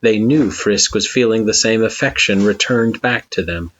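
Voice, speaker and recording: A man with a very deep voice reads a story aloud in a steady, even storytelling manner. The sound is dull and lo-fi, as if recorded at home on a modest mic. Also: normal speed. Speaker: narrator. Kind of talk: fan fiction audiobook narration.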